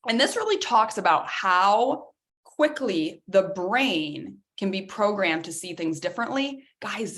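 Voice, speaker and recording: A woman wellness coach with a mid-range voice gives an energetic, emphatic workshop talk, addressing her audience directly and calling them "guys."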